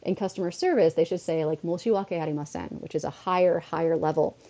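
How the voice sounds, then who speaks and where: A woman streamer from North America telling a story in a casual way, slipping into quoted voices as she goes, a bit under the weather. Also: low-pitched. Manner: animated storytelling with quick switches into quoted voices.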